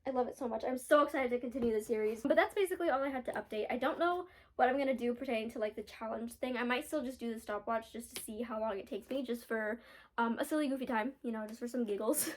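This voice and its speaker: A young woman chatting casually in a reading vlog, bubbly and giggly, with lots of filler words. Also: on the high side. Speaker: book vlogger.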